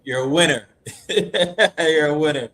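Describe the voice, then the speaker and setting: A man's voice: a little high, a little slow, fairly bright tone. A man hosting a casual podcast, trading teasing banter and laughing often. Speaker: podcast host.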